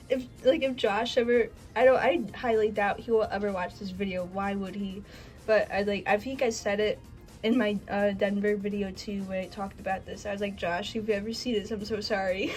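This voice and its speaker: A woman's voice: on the high side, moderate pace, a little mellow, soft background music, rough recording. A woman vlogging casually about her collection, rambling and laughing as she tells a story.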